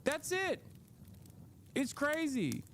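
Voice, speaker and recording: A high-pitched man in his thirties rants furiously on a live stream and swears freely as he reacts to a clip. His voice sits well above the usual male range. A faint hiss runs under the audio. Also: big pitch swings, very slow, a bit bright. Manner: heated, profane ranting.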